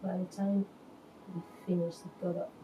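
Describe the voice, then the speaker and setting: A woman in her forties from Nigeria tells a painful personal story, pausing often with halting, hesitant speech. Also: fairly low pitch, level tone, background noise. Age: 40s. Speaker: reality show contestant. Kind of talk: emotional personal testimony. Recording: echoey room, faint ambience.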